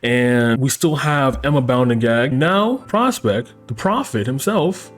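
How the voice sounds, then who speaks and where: A man's voice: mid-range voice, faint music behind. Sarcastic, swearing man recapping a plot. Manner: animated, sarcastic, swears freely, mimics characters in quick asides. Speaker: anime recap host. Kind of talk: casual profane plot recap.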